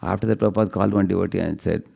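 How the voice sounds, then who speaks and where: A man giving a devotional storytelling lecture, chanting verses slowly and often asking the audience "huh?". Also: low voice, steady tone, vocal fry, mellow. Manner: chants verses in a slow singsong; tags lines with questioning "huh?" to the audience. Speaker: speaker giving a devotional class.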